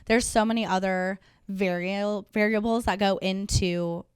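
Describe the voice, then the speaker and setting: A woman's voice: steady tone, measured pace, clear, resonant tone, dry recording, studio quality. A young woman dog trainer talking in a casual interview, upbeat and filling her speech with "like". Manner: upbeat, uses "like" a lot, acts out dogs and owners in higher voices.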